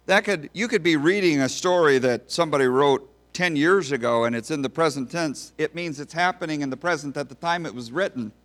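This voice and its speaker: A man's voice: a little high, fairly quick, hardly any pauses, a bit bright. A man preaching a sermon to a congregation in a folksy, storytelling manner. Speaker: pastor.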